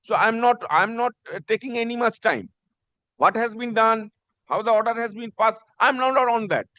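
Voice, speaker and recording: A man's voice: extremely high pitch, moderate pace, sharp tone, dry recording. A man arguing in court as an advocate, insistent and pleading, repeatedly addressing the judge as "my lord". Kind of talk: courtroom argument.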